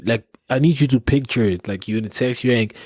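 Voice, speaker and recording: Husky South African man telling stories. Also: mid-range voice, fairly quick, darkish tone, no echo, clean studio sound. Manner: rambling, laughing, many restarts. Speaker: podcast host. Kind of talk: casual storytelling.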